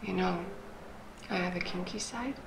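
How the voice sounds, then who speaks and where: An actress playing a flirtatious woman on a webcam, speaking slowly and teasingly with an accent mixing French and Russian. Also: fairly low pitch, vocal fry, very noisy. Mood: seductive. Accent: French-Russian mix. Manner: slow, teasing, seductive.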